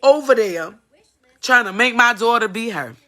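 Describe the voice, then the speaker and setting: A woman speaks straight to the camera in an emotional personal testimony. Her tone is bright and forceful, earnest and pleading, and she repeats lines to drive them home. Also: a little high, lively intonation, moderate pace. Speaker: mother giving a personal testimony.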